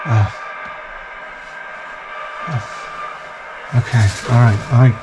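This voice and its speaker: A man's voice: mid-range voice, moderate pace, noisy background. A man hosting a podcast in a casual comedic rant, sarcastic, mocking and full of profanity. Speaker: podcast host.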